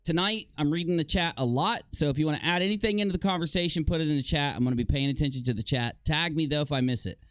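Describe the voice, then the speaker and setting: A man live streaming, talking casually to his chat with a sarcastic, animated manner and frequent self-mocking laughs. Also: on the high side, fast, few pauses, dry recording.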